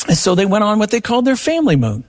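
A man giving a live event talk, telling stories in an earnest, animated way. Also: sits high, very fast. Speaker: seminar speaker. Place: live event before an audience.

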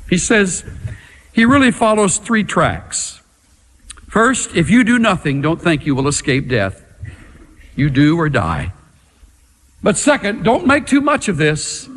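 A man preaching with a lively, swooping pitch that climbs high when he gets worked up. He talks slowly and dramatically and leans on his pauses. His voice rings out with the long reverb of a big hall. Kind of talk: sermon.

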